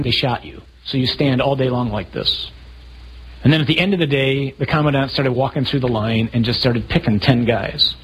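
A man preaching a sermon, telling stories with animated, acted-out scenes. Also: medium pitch, a little hiss or hum, rough recording. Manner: animated storytelling, acting out scenes with raised voice. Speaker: priest.

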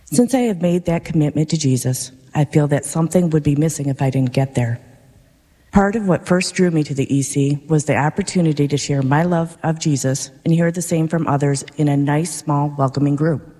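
A woman parishioner reading her personal faith testimony aloud in a sincere, measured, gentle way. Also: sits low, breathy edge. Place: large church. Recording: long church reverb.

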